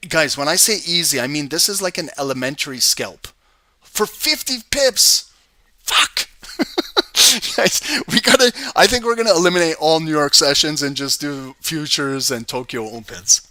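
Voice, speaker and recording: A man hosting a live trading stream, giving energetic casual commentary on charts and talking to his viewers. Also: on the high side, no room sound. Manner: energetic, swears and laughs, talks to chat by name. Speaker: trading livestream host.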